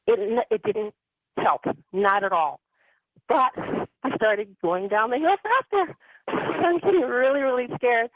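A woman's voice: a little high, animated, slow pace, no room sound. A woman calling in to a radio show, telling a personal story in a chatty, rambling way. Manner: chatty, rambling with many ums and anyways. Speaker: caller. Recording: dry tinny phone line.

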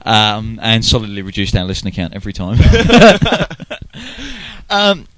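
A man's voice: lowish voice, very animated, unhurried, fairly bright tone. A man hosting an internet radio show in casual chat, loose and joking, with plenty of filler words.

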